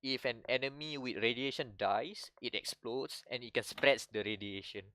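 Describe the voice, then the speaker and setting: A man's voice: medium pitch, moderate pace, pushed and bright. A man chatting casually about video games as a podcast co-host, often restarting and laughing. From Malaysia. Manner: rambling, many restarts and laughs. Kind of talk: casual gaming chat.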